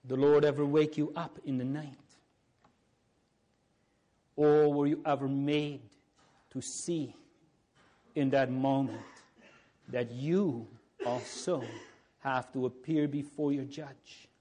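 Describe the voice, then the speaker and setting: A man preaching a sermon in a solemn, pleading way, with long pauses and repeated phrases. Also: mid-range voice, steady tone, warm tone.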